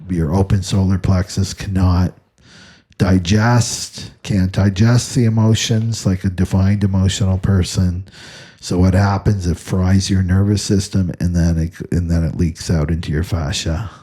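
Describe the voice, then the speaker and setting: A man's voice: low voice, mellow, slightly rough. A man giving an unscripted spiritual astrology talk, repeating phrases and tagging "right?" onto almost every point. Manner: repetitive, asks "right?" constantly. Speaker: astrology teacher.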